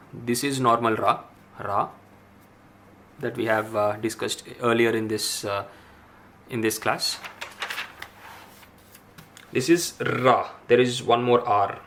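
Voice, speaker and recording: A man teaching a language lesson, patiently repeating each syllable and pausing with frequent "uh"s. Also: medium pitch, fairly even intonation, a bit bright, slight background noise. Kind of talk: explaining a writing lesson.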